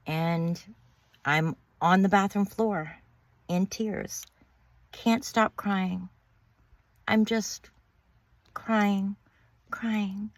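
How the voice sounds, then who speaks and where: A woman's voice: mid-range voice, no echo. A woman telling her own story of betrayal in a bitter, emphatic way, repeating words and swearing. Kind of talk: personal storytelling monologue.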